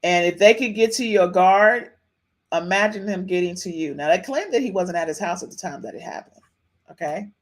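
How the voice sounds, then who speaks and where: A woman's voice: lowish voice, moderate pace. Chatty woman podcast host. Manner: chatty, repeats phrases, frequent "okay?" tags. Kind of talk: casual live-stream commentary.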